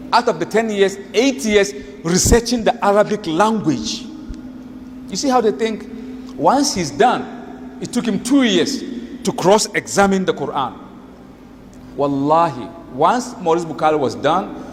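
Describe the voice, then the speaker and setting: A man telling a story in a sermon, animated and emphatic, acting out quoted dialogue in non-native English. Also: high voice, a little hiss or hum. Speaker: preacher. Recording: reverberant hall with faint ambience.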